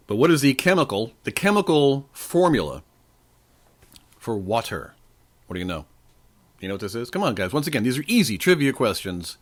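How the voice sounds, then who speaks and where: A man, hosting a casual trivia podcast, rambling and joking straight to his listeners. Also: on the low side. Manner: stops to sip water between questions.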